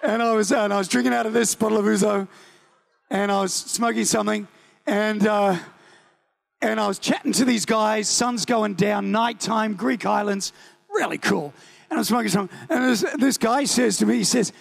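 A New Zealand preacher in his thirties tells a personal story from the pulpit. His voice sits high and carries a heavy gravelly rasp. He jokes often and acts out the other voices in the story. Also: normal speed. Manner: animated, joking, acts out voices. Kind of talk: sermon storytelling.

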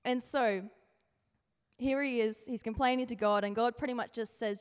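Speaking smoothly at a moderate pace, a woman with a fairly high voice leads a relaxed youth devotion, a casual sermon. Her chatty, playful delivery includes comic voices for those she quotes, and a long reverb suggests a large hall.

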